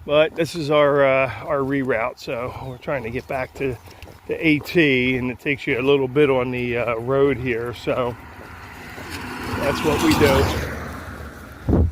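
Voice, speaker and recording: A man's voice: mid-range voice, steady tone, slow pace, long pauses, a little hiss or hum. A man thru-hiking and vlogging outdoors on a rural road walk, chatting casually and cooing at animals along the way. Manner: chatty, coos at animals in a sing-song voice. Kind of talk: casual trail vlog narration.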